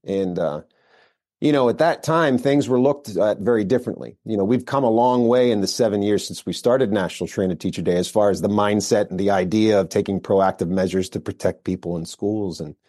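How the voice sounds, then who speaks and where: An American man, middle-aged, a firearms instructor telling his story in a relaxed interview, rambling with fillers and restarts. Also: lowish voice, a little fast. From United States. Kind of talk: casual interview talk.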